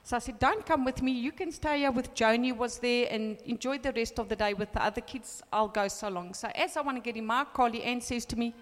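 A woman in her fifties shares a personal testimony, telling a lively story and performing the dialogue herself. Her voice is slightly high and brisk, with hardly any pauses, and the sound carries the echo of a big room.

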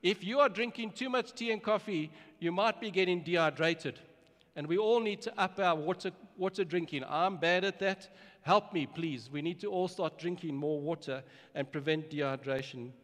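A man's voice: sits high, normal speed, fairly bright tone. A man preaching a sermon as pastor, earnest and emphatic, often repeating words as he starts a phrase. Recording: long hall reverb.

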